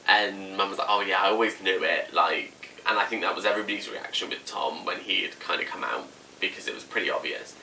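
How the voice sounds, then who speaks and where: A man's voice: sits low, fairly quick, bright, forceful tone. A young man casually telling a personal story to camera as a vlogger, full of "like" and acted-out quotes. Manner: chatty, lots of "like", acts out quotes. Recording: slightly distant mic, faint room noise.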